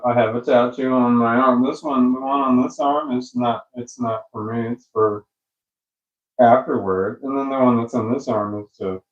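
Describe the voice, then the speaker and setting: A man's voice: medium pitch, dull audio. Middle-aged man, rambling home vlog, profane, loose and wandering talk, phone with a clip-on mic. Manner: rambling, profane, loses his train of thought. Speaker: vlogger. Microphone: phone camera with a small external microphone.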